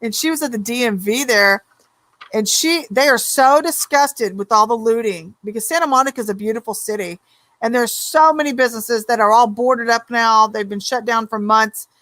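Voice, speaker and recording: A woman hosts a talk show with a slightly high voice. She chats freely, backs her guest with frequent yeahs and tells lively stories. The sound is close and dry. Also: moderate pace, dry recording. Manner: chatty, animated storyteller, many yeahs. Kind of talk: casual interview talk.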